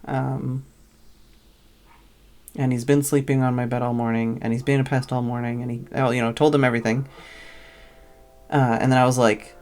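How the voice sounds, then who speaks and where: A woman's voice: rumbling low, steady tone, normal speed, soft background music. Tired woman rambling through a story. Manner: rambling, lots of "like" fillers. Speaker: streamer. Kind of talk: casual storytelling.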